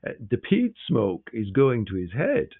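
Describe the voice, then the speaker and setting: A man's voice: medium pitch, huge pitch swings, unhurried, gravelly, exaggerated voice. A man voicing a dry, sardonic male critic who talks in a mocking, theatrical way. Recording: tinny, phone-like sound.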